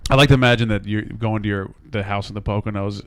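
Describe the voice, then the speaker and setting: A man's voice: fairly low pitch, fast, no echo. A man in his thirties co-hosting a casual podcast, telling stories with plenty of swearing and laughter. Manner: animated storyteller, swears, laughs often. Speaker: podcast co-host.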